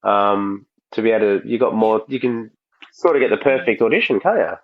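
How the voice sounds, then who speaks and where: A man, an actor-director telling animated stories with plenty of swearing in a casual roundtable chat. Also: fairly low pitch, brisk, no echo, highs cut off. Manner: animated storyteller, swears freely.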